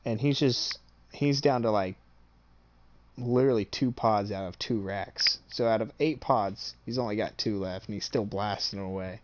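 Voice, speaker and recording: A man with a somewhat low voice tells a story in a loose, chatty way. He swears freely and sounds pleased with himself. He keeps checking in with his listener as he goes. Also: normal speed. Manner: boastful and amused. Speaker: streamer. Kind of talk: casual storytelling.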